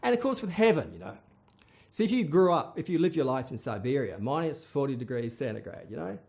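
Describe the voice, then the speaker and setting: A casual, rambling monologue full of fillers and wry asides. The voice is gravelly and lively, rising and falling a great deal. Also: mid-range voice, brisk.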